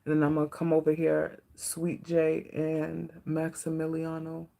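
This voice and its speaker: A woman giving a live-stream tarot reading, soft-spoken and emotional, often checking in with her viewers. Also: sits low, completely flat delivery, measured pace, vocal fry. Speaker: tarot reader.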